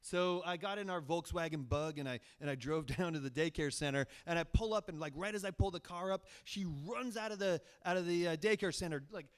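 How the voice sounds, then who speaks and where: Brief: man from Virginia, high voice, live stage storyteller, rambling and self-mocking, full of fillers. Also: a little fast, hardly any pauses, clear, resonant tone. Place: stage of a cultural center, live audience.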